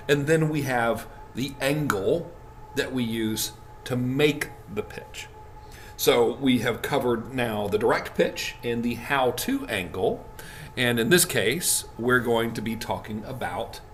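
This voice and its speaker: Casual, animated man teaching marketing. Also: medium pitch, a little hiss or hum. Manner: casual, jokey, animated delivery. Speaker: marketing instructor. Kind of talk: recorded course lesson.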